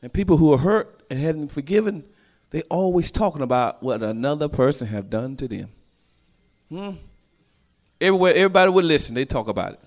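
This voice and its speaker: A man preaches a sermon in a fairly high voice. He drops to hushed asides, then rises to shouted calls to the congregation. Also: sing-song, fairly quick. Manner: call-and-response preaching, swinging from hushed to shouted.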